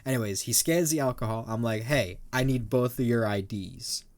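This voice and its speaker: A young man co-hosting a podcast, telling a store customer story in excitable casual chat, laughing often. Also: medium pitch, normal speed. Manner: excitable, laughing, full of "like" fillers. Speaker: podcast co-host.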